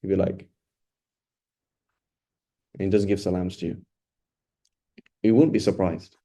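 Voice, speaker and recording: A man's voice: low-pitched, steady tone, a little slow, gravelly, dark tone. A man giving an informal Quran study talk as a religious teacher, speaking conversationally with rhetorical questions and a frequent "right?".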